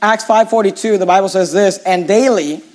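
A man's voice: sits high, normal speed, darkish tone. A middle-aged man, a pastor, preaching a sermon with emphatic, repetitive phrasing.

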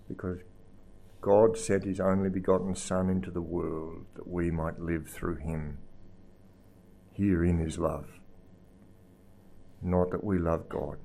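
A man preaching a sermon, moving between hushed, low passages and raised, fervent emphasis, often repeating words as he goes. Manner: repeats words while searching for the next phrase.

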